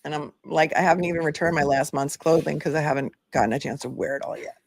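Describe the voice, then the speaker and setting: A woman's voice: low voice, steady tone, fast talker, creaky, no echo. A woman in her forties hosting a casual livestream, chatting and reading viewer comments aloud. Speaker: legal commentary livestream host.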